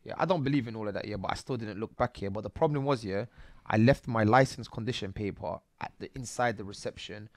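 A young man, telling his own stories as a podcast guest in a lively, slang-filled way and acting out scenes as he goes. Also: fairly low pitch, fast talker, dry recording. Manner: animated, slang-heavy, acts out scenes. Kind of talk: casual storytelling interview.

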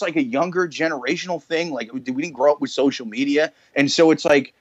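A man's voice: on the high side, fast, vocal fry, hardly any pauses, dry recording. A man co-hosting a comedy podcast in casual chat, rambling and ranting with plenty of swearing. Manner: rambling, profane, animated ranting. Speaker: podcast co-host. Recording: dull, muffled audio.

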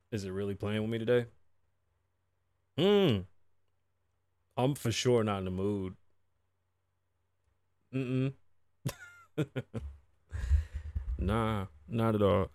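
His voice is mid-range and gravelly, with no echo. He's a Puerto Rican podcast host in his thirties, keeping the conversation casual, chatty and profane, with Spanish slipping in here and there.

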